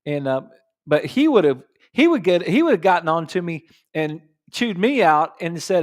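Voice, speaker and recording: A middle-aged man, hosting a live radio talk show from a studio and telling stories in a casual, animated way with frequent laughs. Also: a little high, moderate pace. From New Mexico. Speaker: radio show host and chiropractor.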